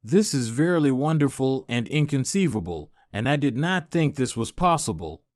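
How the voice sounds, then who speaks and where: A man's voice: medium pitch, animated, normal speed, darkish tone, no echo, clean studio sound, lightly acted. A man voicing a courtly, grateful king in formal, archaic speech within an audiobook. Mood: courteous.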